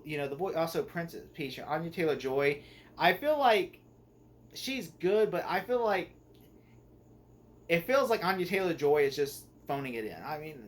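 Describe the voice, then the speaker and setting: A young man giving a casual spoken movie review, rambling with many fillers and restarts. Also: fairly high pitch.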